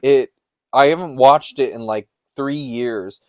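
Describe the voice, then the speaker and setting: A young man co-hosting a podcast in casual chat, animated and laughing, acting out what people said. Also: mid-range voice, a little slow, no echo, clean studio sound. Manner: animated, laughing storyteller who acts out quotes. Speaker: podcast co-host.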